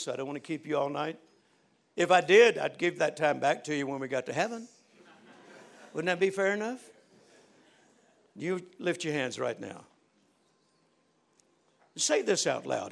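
An older man preaching a fervent sermon, leading the congregation in prayer and shouting praise. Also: on the high side, normal speed, vocal fry, pauses often. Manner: fervent, shouting preaching with call-and-response prompts.

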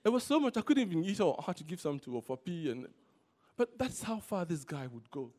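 A man preaching a sermon, repeating key words for emphasis and telling stories in an animated way. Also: a little high, a little fast. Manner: animated storytelling.

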